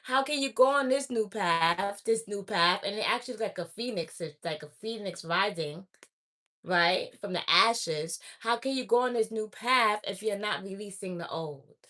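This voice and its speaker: Bright, blunt woman giving a spiritual pep talk. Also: medium pitch, moderate pace. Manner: blunt preachy admonishing, repeats phrases. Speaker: spiritual oracle reader. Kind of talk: direct-to-camera spiritual message.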